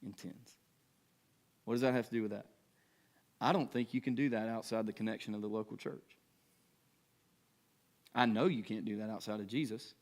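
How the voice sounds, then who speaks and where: A man in his thirties, a pastor, gives a sermon in a conversational style, asking the congregation rhetorical questions and checking in with a frequent "right?". His voice is lowish and his tone steady, moving at a moderate pace with long pauses.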